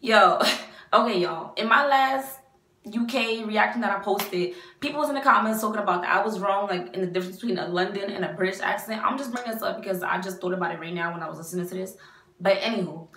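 Bright-voiced New York woman, hyped vlogger. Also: mid-range voice, fast talker. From New York, United States. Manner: hype, slangy, talks straight to viewers. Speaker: reaction vlogger. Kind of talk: casual reaction vlog. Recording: roomy with music playing behind.

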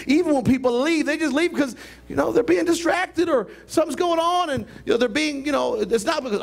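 An older man preaching a sermon as a pastor, animated and conversational, with a hands-on demonstration. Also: a little fast, vocal fry. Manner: animated preaching with a hands-on demonstration, jumping between high and low voices. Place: church sanctuary.

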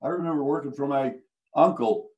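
A man's voice: a little high, brisk, muffled recording. Older man telling a radio tale. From Iowa. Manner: chuckling, animated storyteller who laughs through his punchlines. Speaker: veteran radio broadcaster. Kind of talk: anecdotal storytelling.

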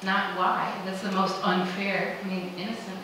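A woman's voice: mid-range voice, level tone, moderate pace, recorded from a distance, noisy background. Woman preaching in an echoey church. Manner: conversational, emphatic, quoting imagined questions. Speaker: pastor. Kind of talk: sermon. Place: church sanctuary.

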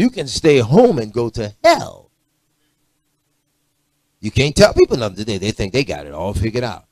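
A man preaching a sermon, animated and blunt, swinging from low murmurs to loud rebukes. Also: normal speed, pauses often, no echo. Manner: blunt, confrontational street-style preaching.

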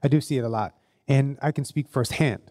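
A man's voice: medium pitch, brisk. A man hosting a live group session, telling blunt stories with swearing at an event. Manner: animated, blunt storytelling with swearing. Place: event hall. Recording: long hall reverb at a live event.

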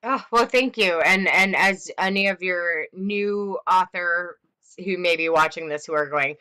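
A woman's voice: lowish voice, unhurried, sharp tone, smooth. A woman author, a guest on an interview, talking in a friendly way and laughing easily. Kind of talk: casual interview chat.

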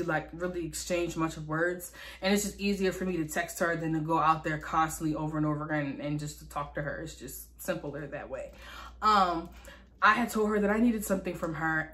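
Lower-pitched young woman venting casually. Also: fairly bright tone. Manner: candid, venting, frequent fillers and profanity. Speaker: vlogger. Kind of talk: casual storytime vlog.

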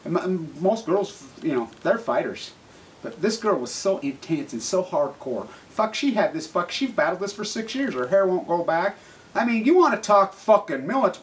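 Furious swearing man, rather high voice. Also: a little hiss or hum, poor audio. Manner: furious, swearing constantly, swinging from low mutters to shouts. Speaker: activist vlogger. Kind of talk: angry profane rant to camera.

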